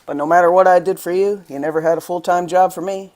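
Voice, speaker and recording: A spoken word poet from the United States, reading verse in a rhythmic, impassioned voice. The delivery keeps rising into angry emphasis at mid pitch. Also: steady tone, quick pace, a little mellow. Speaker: guest poet.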